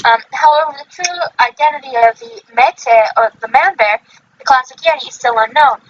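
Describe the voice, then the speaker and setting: A woman's voice: sits high, moderate pace, muffled recording. A woman hosting a podcast in casual chat, rambling with many fillers and self-corrections. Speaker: podcast host.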